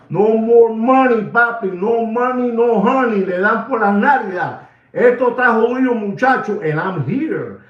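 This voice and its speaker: A man hosting a watch market show, delivering a rambling, excitable comic rant. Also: high-pitched. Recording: echoey, distant, dull sound.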